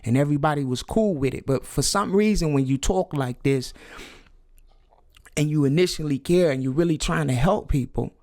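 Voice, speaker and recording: A man's voice: fairly high pitch, moderate pace, no echo. Preachy man vlogging, dry close sound. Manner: preachy, repetitive, drops to hushed whisper for emphasis. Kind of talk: conspiracy talk video.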